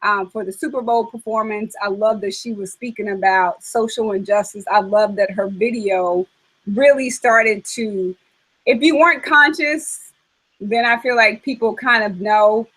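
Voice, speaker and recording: A woman hosting a casual chat, talking in a chatty, animated way with frequent fillers. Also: mid-range voice, measured pace, low-quality recording. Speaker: host.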